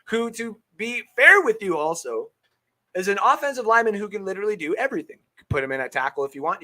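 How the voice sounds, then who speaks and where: A man's voice: on the high side, bright, forceful tone. A man hosting a live-streamed football talk show, brash and hyped, swearing freely and answering viewer comments from his webcam setup. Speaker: sports podcast host.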